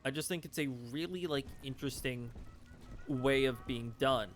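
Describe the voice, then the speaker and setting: A man's voice: mid-range voice, normal speed, fairly bright tone, slight background noise. Rambling male gameplay commentator. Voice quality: rambling with fillers and self-corrections. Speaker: let's play host. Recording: game music underneath.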